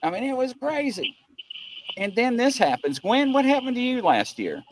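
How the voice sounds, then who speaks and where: A male host with a high, wildly swinging voice tells a camping story on a video call. He is excitable and laughs his way through the telling. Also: moderate pace, slight background noise. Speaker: show host. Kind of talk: animated storytelling chat.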